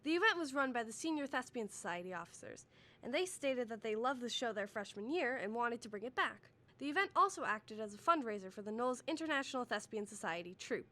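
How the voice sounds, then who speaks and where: A teenage girl narrating a school news package in a clear, upbeat reading. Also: on the high side, expressive, fast, bright, forceful tone, slight background noise. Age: teens. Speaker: student reporter.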